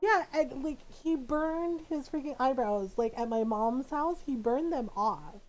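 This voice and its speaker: A woman's voice: high voice, a little slow, low-quality recording. A woman streamer in casual chat, telling a story with frequent laughter. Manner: animated storytelling, laughs often.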